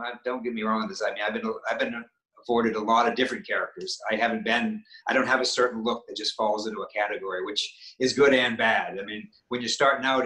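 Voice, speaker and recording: Rambling actor with a bright, echoey voice. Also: male voice, fairly low pitch. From Maine, New England. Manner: rambling, many restarts and fillers. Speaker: actor, interview guest. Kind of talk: casual interview talk. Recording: echoey room.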